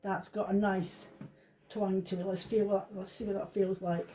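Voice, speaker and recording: A woman's voice: medium pitch, flat delivery, normal speed, mellow, a little hiss or hum, poor audio. A woman running a craft demonstration, chatting through each step in a casual, self-deprecating way. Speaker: craft shop owner demonstrating.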